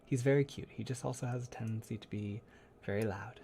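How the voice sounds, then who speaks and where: Soft-spoken gravelly man chatting on stream. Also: medium pitch, steady tone, a little fast, faint music behind. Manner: soft-spoken, rambling, laughs often. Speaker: ASMR creator hosting a livestream. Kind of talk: casual livestream chat.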